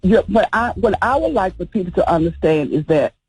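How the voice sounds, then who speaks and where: A woman's voice: fairly low pitch, expressive, a little fast, a little mellow, slightly rough, no echo, poor audio. A woman who owns a funeral home, speaking as a guest on a radio interview. She talks earnestly and with emphasis, often in short repeated phrases.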